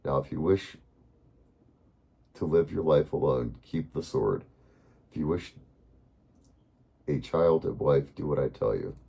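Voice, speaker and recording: A man voicing a possessed male giant healer, speaking in a deep, thunderous, measured way. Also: lively intonation, vocal fry, warm tone, breathy edge, exaggerated voice. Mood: commanding.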